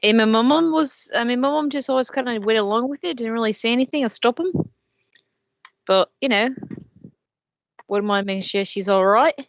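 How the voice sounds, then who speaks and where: A woman's voice: a little high, normal speed, vocal fry, pauses often. A woman playing a character in a tabletop game, rambling with many fillers and casual swearing. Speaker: player. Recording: dull lo-fi mic with faint noise.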